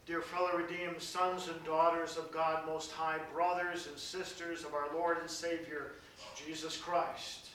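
A pastor preaching a sermon, reading scripture dramatically and dropping into soft, hushed passages. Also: male voice, on the high side, little pitch movement, unhurried, slight background noise. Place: large church. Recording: very echoey church from a distance.

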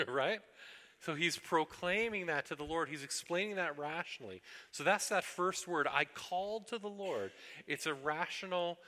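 Bright-voiced man preaching in a hall. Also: on the high side, expressive, normal speed. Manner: earnest, acts out pleas to God in a raised voice. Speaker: pastor. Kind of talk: sermon.

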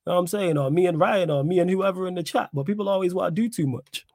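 A young man, chatting on a live-stream podcast with a slightly high voice. He talks in an animated, slangy way and reads the chat aloud. The sound is dry and close to the mic. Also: fast, no room sound. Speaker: podcast host.

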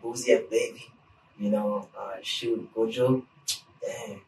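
Relaxed male guest, rambles casually, mic set back in an echoey room. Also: lowish voice, slow pace. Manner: laid-back, rambling, many fillers. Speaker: podcast guest. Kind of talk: casual chat. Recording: roomy, distant mic, faint ambience.

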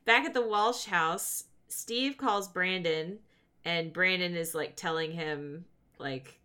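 A woman's voice: deep voice, unhurried, pushed and bright. A woman co-hosting a casual podcast, recapping a TV episode in a chatty way and laughing often. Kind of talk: casual chat.

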